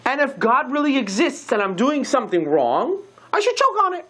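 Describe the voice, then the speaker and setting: Mocking atheist man, higher pitched, incredulous, sneering, as a storyteller plays him. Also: very animated, normal speed, a bit bright, heavily acted. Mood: defiant.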